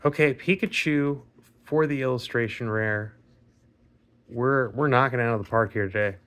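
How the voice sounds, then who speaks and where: A man with a raspy voice, chatting casually and rambling with fillers and mild swearing while opening trading card packs. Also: mid-range voice, normal speed, a bit bright. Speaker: card pack opening vlogger. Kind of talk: casual pack opening commentary.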